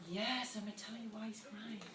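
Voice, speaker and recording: A woman storyteller telling a folk tale to young children, expressive and involving her listeners. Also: medium pitch, fairly quick, slight background noise. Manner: lively, expressive, involves the audience. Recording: roomy, distant mic.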